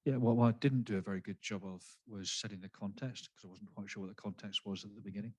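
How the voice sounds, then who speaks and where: A man's voice: on the low side, steady tone, fast talker, a little mellow, breathy edge, no echo. A man with a non-Canadian accent, a psychiatrist in a workshop discussion, speaking hesitantly with fillers and restarts.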